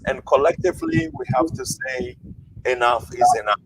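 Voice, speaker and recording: A man hosting an online interview, speaking in an earnest, reflective and measured way. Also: medium pitch, huge pitch swings, gravelly, slight background noise, poor audio. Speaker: host.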